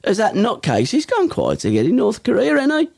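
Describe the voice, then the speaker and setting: An English man co-hosting a podcast, teasing and joking in casual banter with a cheeky, mock-deadpan manner. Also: sits high, fairly quick, vocal fry. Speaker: podcast co-host.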